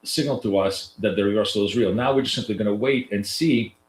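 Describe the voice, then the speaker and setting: Nasal low-voiced man coaching live trades. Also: a little fast. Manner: loose and chatty, many fillers and restarts. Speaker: trading coach hosting a live stream. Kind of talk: live trading commentary to viewers. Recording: roomy echo.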